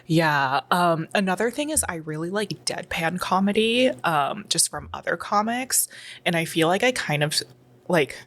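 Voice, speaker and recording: A woman from Dallas, a comedian chatting as a guest, with a soft, calm voice and very precise articulation. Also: lowish voice, normal speed. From Dallas, Texas. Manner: understated, deadpan. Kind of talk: casual conversation.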